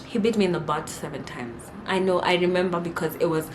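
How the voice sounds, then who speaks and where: A young woman with a Kenyan accent tells stories in a casual, animated way. She is indignant and mixes in Swahili slang. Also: on the low side, normal speed, a little hiss or hum, low-quality recording. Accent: Kenyan English. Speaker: vlogger. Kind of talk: casual storytelling.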